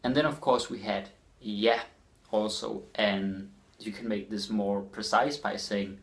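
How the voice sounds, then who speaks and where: Danish man teaching phrases slowly. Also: fairly low pitch, fairly even intonation. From Denmark. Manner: slows down and repeats phrases for learners. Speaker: language teacher. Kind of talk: casual spoken lesson.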